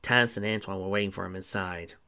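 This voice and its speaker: A man's voice: deep voice, steady tone, quick pace, sharp tone. A man casually reading his fan fiction aloud, with small slips. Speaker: storyteller.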